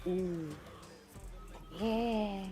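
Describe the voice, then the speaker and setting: A woman co-hosting a casual stream chat, blunt and animated, swearing freely. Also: medium pitch, extremely slow, music in the background. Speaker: co-host streamer.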